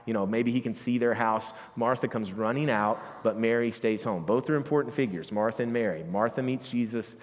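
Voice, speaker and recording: A man preaching a sermon, explaining a Bible passage in a conversational way and building to emphatic preaching. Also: on the low side. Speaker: pastor. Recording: long hall reverb.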